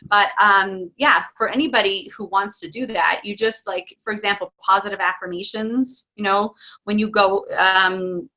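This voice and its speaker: Bright-voiced chatty woman, dull lo-fi sound. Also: mid-range voice, normal speed. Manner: chatty, excitable, laughs often. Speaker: parenting coach guest. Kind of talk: casual interview talk.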